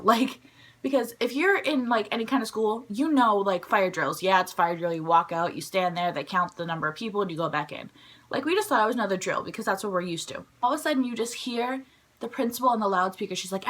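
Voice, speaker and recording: A young woman tells a storytime in a chatty, animated way, with "like" scattered through every sentence. Her voice sits a little high and sounds bright and forward. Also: normal speed. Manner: chatty, animated, heavy use of "like". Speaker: vlogger. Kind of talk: casual storytime.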